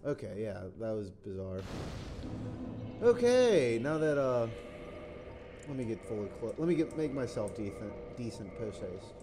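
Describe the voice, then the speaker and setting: A man's voice: lowish voice, animated, moderate pace, noisy background. A man hosting a let's play, rambling through casual gameplay commentary, thinking aloud and bursting into exclamations and curses.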